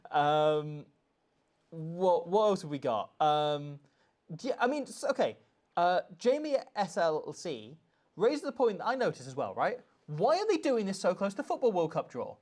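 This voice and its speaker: A man with a fairly high voice co-hosting a live reaction stream. He chats casually and rambles, losing his thread now and then. He reads viewer comments aloud between his own stories. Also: sing-song, moderate pace, a little mellow. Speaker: co-host of a rugby channel.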